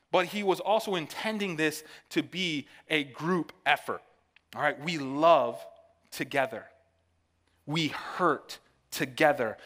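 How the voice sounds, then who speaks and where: In a large church sanctuary, a male pastor from the northern United States gives a conversational sermon, checking in with the congregation by asking "all right?". His voice is fairly high with a fairly bright tone.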